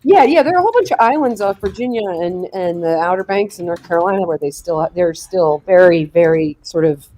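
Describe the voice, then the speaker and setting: A woman's voice: fairly low pitch, lively intonation, a little fast, hardly any pauses, dark tone. A woman in a casual group chat, explaining things in trailing restarts.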